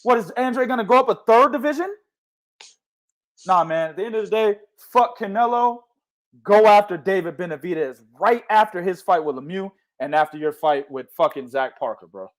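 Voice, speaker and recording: A young man hosting a boxing chat with a high voice that leaps all over the place. His talk is loud, slangy and full of swearing, swinging from low mutters to full shouts. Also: expressive, normal speed. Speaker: host of a boxing talk show. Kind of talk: casual boxing chat with heavy profanity.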